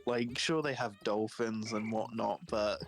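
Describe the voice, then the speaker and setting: Unhurried young man chatting on stream. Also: on the low side, steady tone, soft background music. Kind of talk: casual livestream chat.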